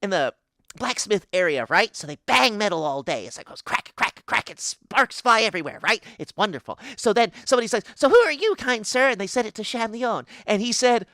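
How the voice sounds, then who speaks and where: A man voicing a giddy, mischievous female pixie goddess who rambles, giggles and swings between a booming and a squealing voice. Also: lively intonation, a little fast, pushed and bright, heavily acted. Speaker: guest voice actor. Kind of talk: comedic improvised character interview.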